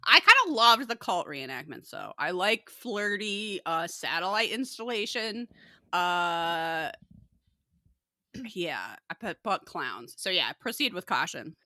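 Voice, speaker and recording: A woman co-hosting a podcast in a relaxed, chatty way, often breaking into laughter. Her voice is very bright and swings widely in pitch. The sound is close and dry, with no room around it. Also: takes it slowly, dry recording. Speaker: podcast co-host. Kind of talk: casual podcast chat recapping a TV episode.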